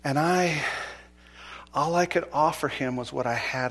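A middle-aged male pastor preaching a sermon, moving between urgent exhortation and quiet storytelling. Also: on the high side, unhurried. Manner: dynamic preaching, swinging from loud urgent exhortation to hushed storytelling.

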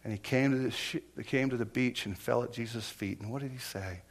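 Impassioned male preacher, hushed to booming. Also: brisk, vocal fry, few pauses. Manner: swings from hushed near-whispers to loud impassioned preaching; storytelling with repetitions and restarts. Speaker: pastor. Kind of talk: sermon.

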